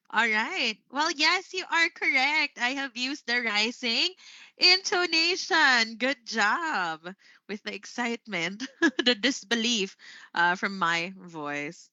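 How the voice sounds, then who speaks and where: A woman teaching an English lesson on a live stream. She speaks slowly and expressively, laughing often. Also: a little high, no echo. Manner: slow, expressive delivery with frequent laughs. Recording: slightly muffled stream audio.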